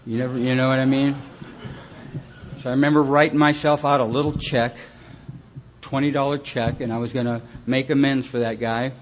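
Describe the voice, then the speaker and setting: A man's voice: medium pitch, little pitch movement, moderate pace, a little hiss or hum. A man from Los Angeles speaking at a recovery retreat, telling his own story with wry, self-mocking humor and acting out the people in it. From Los Angeles, California. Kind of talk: personal recovery talk. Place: retreat meeting hall, live audience.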